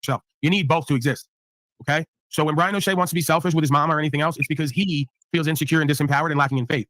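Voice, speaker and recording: A man's voice: on the high side, steady tone, racing, a bit bright, no room sound. A man hosting a livestream panel, preaching profane motivational talk to his guests. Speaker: panel host.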